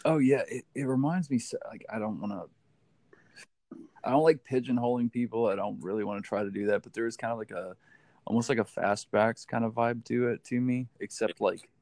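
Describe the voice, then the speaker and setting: A man's voice: medium pitch, brisk, dry recording. A man from the United States in casual chat, telling stories with lots of swearing and acted-out quotes. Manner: animated storyteller, swearing, acting out quotes.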